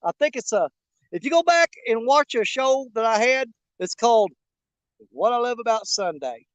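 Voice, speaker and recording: Man, high voice, rambling folksy fishing vlog, dry outdoor sound. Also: big pitch swings, normal speed, dry recording, highs cut off. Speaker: fishing channel host. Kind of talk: casual vlog talk while bank fishing. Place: outdoors on a riverbank.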